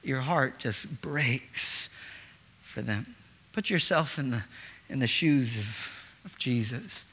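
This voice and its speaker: Man, pastor, middle-aged, earnest sermon delivery, bright tense voice, stumbles into phrases. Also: medium pitch, expressive, takes it slowly, breathy edge. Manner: earnest, repeats words when starting phrases.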